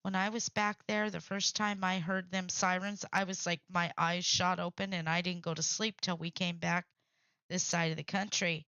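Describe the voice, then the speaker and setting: Middle-aged woman, live-stream host, bright tense tone, dull lo-fi dry sound. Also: fairly low pitch, level tone, normal speed, dry recording. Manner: chatty, talks to viewers by name. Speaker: livestream host. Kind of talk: casual live-stream chat. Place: home craft room.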